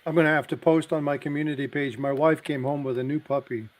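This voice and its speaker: A middle-aged man co-hosting a casual live show, his voice sitting slightly higher than usual for a man. He tells family anecdotes and dad jokes with animated delivery, jumping into the voices of the people in his stories. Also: fast. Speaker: co-host of a live stream.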